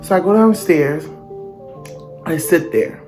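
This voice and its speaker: A young man narrating a storytime vlog in an animated, dramatic, slangy way. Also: on the high side, takes it slowly, over music. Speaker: vlogger.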